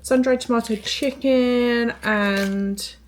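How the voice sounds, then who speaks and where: A woman's voice: a little high, fairly even intonation, slow. A young woman, a first-time mum chatting casually through a home vlog in her kitchen and often turning to coo at her baby. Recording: home recording with background noise.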